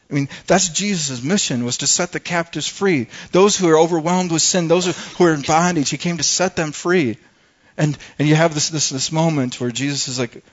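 A man's voice: on the high side, moderate pace. A man preaching a sermon as pastor, earnest, and often repeating and stumbling over words. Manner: earnest, stammering repetitions. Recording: dull lo-fi sound.

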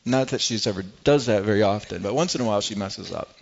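Middle-aged pastor guy preaching, kinda low voice, earnest, stumbles over repeated words, dull lo-fi sound. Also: fast talker, vocal fry. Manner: earnest, repeats words when building a point. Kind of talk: sermon.

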